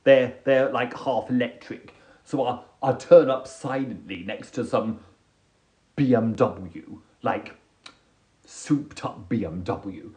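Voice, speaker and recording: A man's voice: medium pitch, slow pace, mellow. A man riffing in a casual, jokey, self-deprecating monologue on a live stream. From England. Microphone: phone or webcam on a live stream.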